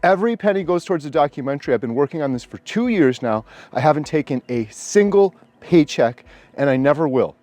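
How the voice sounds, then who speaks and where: A man's voice: on the high side, animated, brisk, a little mellow, no echo. A man making an earnest, plain-spoken appeal to camera as a documentary filmmaker.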